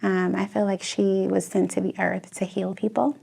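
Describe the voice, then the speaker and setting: Chicago-accented woman, talk guest, heartfelt storyteller with a gravelly edge. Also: medium pitch, normal speed. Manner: expressive storyteller, laughs and tears up. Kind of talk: emotional personal story.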